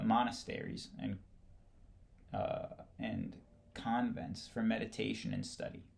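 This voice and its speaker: A man who serves as an instructor, reading a history textbook aloud in a halting way, stumbling over words and rereading them. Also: lowish voice, gravelly, a little mellow.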